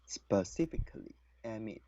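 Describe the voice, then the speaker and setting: Very deep-voiced, hesitant woman student. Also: very animated, measured pace, dark tone, no echo, muffled recording. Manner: hesitant, short answers with "uh". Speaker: TOEFL student. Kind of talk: reading words aloud in a tutoring session.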